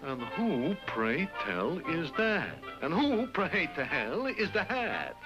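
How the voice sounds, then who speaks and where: A stately, pompous lion king from an old cartoon, talking in grand, wordy phrases. His raised voice swings widely up and down with a lively, sing-song lilt. Cartoon music plays behind him. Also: on the high side, takes it slowly, highs cut off, heavily acted. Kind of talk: 1960s cartoon voice acting.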